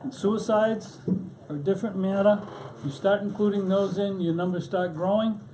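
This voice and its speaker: A middle-aged man testifies at a legislative hearing in a high, mellow voice. He argues his point with a sardonic edge. Faint hearing-room hiss runs underneath. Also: moderate pace, rough recording. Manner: sardonic, argumentative.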